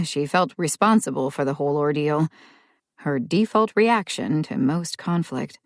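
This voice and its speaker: Woman narrator, low voice, slow, measured, dry close recording, audiobook. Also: a little mellow, dry recording.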